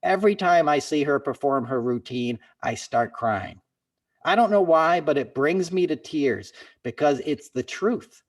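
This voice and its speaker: A man hosts a podcast in relaxed conversation, speaking with heartfelt conviction and rallying his co-host like a friend giving a pep talk. He sits a little back from the microphone, so his voice comes across slightly distant. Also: fairly high pitch, unhurried. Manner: earnest, impassioned pep talk, calls listener "man" and "brother". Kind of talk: casual chat.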